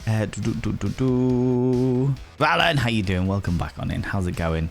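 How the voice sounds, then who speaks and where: Yorkshire male streamer, low register, cheeky banter with chat, soft music bed. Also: expressive, moderate pace, gravelly. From England. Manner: playful, teasing, greets viewers as cheeky devils. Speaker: livestream host. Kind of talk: casual chat reading viewer messages.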